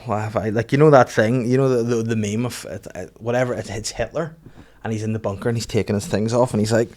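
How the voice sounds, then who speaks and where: A man's voice: fairly low pitch, steady tone, quick pace, a little mellow. A man hosting a comedy podcast, chatting casually and joking with his guest. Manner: chatty, jokey, lots of agreeing. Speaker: podcast host. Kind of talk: casual chat.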